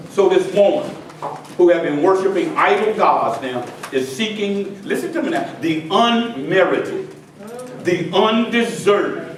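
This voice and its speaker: High-voiced preacher in an echoing church. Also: male voice. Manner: swings from quiet asides to shouted climaxes, calls to the congregation. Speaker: pastor. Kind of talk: sermon. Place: church sanctuary with congregation. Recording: very echoey church hall from far off with congregation. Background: congregation responding and laughing.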